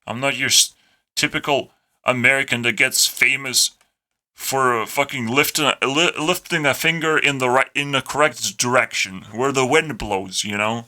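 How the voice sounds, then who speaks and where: A man's voice: medium pitch, moderate pace, bright, forceful tone. A young man from Lithuania with a Lithuanian accent, ranting to camera in a profane, sarcastic, self-deprecating way. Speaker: YouTuber. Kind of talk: rambling rant to camera.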